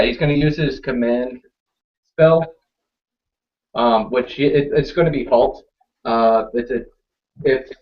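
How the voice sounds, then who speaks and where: A man playing a tabletop game, casual and halting as he thinks aloud. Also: mid-range voice. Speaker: player. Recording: dull lo-fi recording.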